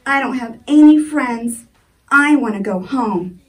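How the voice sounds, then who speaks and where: A woman reading aloud gives voice to a small, weepy girl upset over her friends, pitched high and pleading. The voice sits a little back from the microphone, and faint music plays beneath it. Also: lively intonation, a little slow, far from the mic, poor audio.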